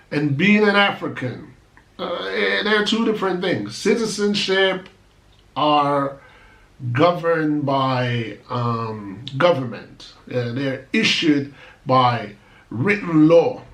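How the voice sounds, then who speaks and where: A man delivers an emphatic, argumentative monologue to his channel's viewers and brushes off critics with rhetorical asides. His voice sits a little high for a man. The sound bounces around a roomy space. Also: fairly bright tone. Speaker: channel host. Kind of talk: opinion monologue to camera.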